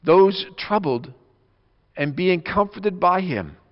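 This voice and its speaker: Male preacher, higher voice, emphatic sermon delivery, long reverb on the sound. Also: lively intonation, slow. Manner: earnest, emphatic preaching with wide swings in loudness. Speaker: pastor. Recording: dull lo-fi audio with long reverb.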